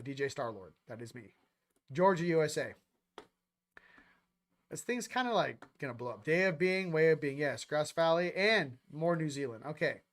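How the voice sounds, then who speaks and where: A man hosting a casual livestream, talking loosely and rattling off upbeat shout-outs to viewers. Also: on the high side. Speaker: host.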